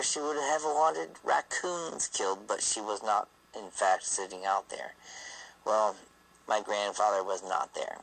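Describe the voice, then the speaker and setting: A man's voice: fairly low pitch, vocal fry, sharp tone, a little hiss or hum, low-quality recording. A man telling a family story in a rambling, profane, loose way. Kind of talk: casual spoken storytelling.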